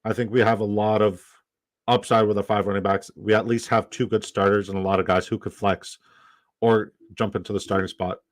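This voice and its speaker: A man from Canada talking loosely on a live stream, rambling and cursing and saying things twice. His voice sits low, and the sound is dry and close with no room echo. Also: little pitch movement, fairly quick. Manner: rambling, profane, repeats himself. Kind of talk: casual live-stream chat.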